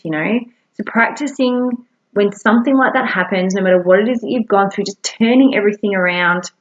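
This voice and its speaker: A woman's voice: mid-range voice, highs cut off. A woman giving casual, encouraging self-help advice to camera in a chatty way. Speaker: wellness coach.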